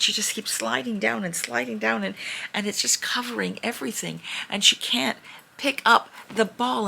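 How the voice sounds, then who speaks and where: A young adult woman spins an improvised fairy tale as a storyteller, chatty and rambling, often circling back on her words. Her voice is bright and forceful, with a gravelly, husky texture. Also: medium pitch. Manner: rambling, chatty, with frequent restarts.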